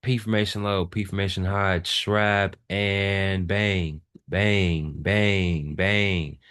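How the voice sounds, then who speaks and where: A man's voice: sits low, fairly even intonation, slow pace, fairly bright tone, clear, resonant tone. A man giving a trading lesson over a screen share, emphatic and repeating his key points. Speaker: trading educator.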